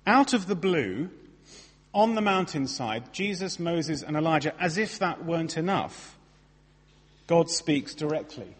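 Guy preaching, chatty and self-deprecating, bit husky, big echoey church. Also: on the high side, measured pace. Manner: lively, conversational, self-deprecating storytelling. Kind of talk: sermon. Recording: long reverb of a large hall.

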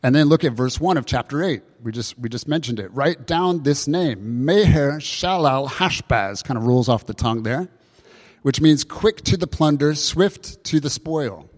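A man preaching a sermon, explaining scripture with lively emphasis and rhetorical questions. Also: medium pitch, normal speed. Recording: long hall reverb.

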